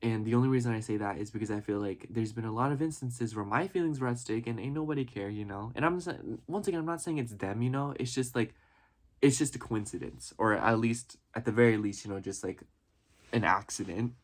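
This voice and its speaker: A man's voice: mid-range voice, a little fast. A man vlogging casually about his life, earnest and rambling, full of "you know" and "like", getting emotional at times. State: emotional, near tears at times. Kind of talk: reflective casual vlog talk.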